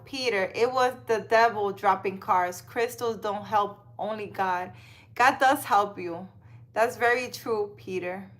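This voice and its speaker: Woman host, chatty live-stream delivery into a phone, slightly higher-pitched voice. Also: a bit bright. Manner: chatty, reads comments aloud, switches to baby talk with her cat. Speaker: live stream host reading cards and viewer comments. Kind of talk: casual live stream chat.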